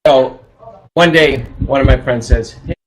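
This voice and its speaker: A man's voice: mid-range voice, measured pace, a little hiss or hum, poor audio. A man, a guest relative telling a casual family anecdote.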